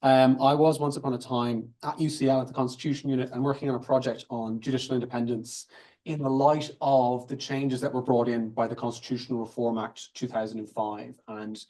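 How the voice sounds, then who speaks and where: A man's voice: medium pitch, darkish tone. A man giving an academic seminar talk in a conversational way, thinking aloud and restarting phrases as he goes. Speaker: invited academic speaker. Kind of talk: academic lecture, loosely following slides.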